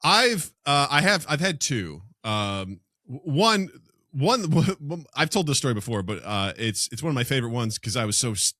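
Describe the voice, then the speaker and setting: Bright animated man telling stories. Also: mid-range voice, normal speed, no room sound, studio quality. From Missouri, USA. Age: young adult. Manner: animated storyteller who acts out quoted lines. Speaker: podcast host. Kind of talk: casual chat.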